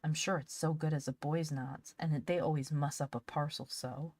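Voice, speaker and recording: A woman voicing an eager, chatty young girl in an audiobook, earnest and excitable. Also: sits low, normal speed, dry recording. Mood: excited. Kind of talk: audiobook character voice.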